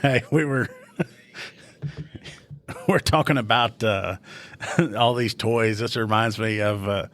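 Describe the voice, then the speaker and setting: A man with a fairly low voice, chatting and sharing firm opinions in podcast banter. He laughs easily as he talks. The recording is close and dry. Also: slow, long pauses, a bit bright, no room sound. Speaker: police officer and podcast co-host. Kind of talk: casual chat.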